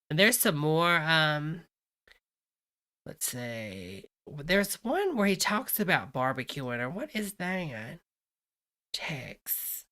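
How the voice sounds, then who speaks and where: A woman's voice: sits low, big pitch swings, slow pace, fairly bright tone. A woman hosting a reaction video, talking in a gossipy, chatty way and exclaiming over the news. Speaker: host.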